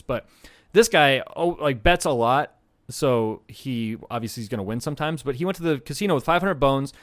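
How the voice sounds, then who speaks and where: A man co-hosting a podcast, telling a story in a rambling, profane, animated way. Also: medium pitch, no room sound. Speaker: podcast co-host. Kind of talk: casual storytelling chat.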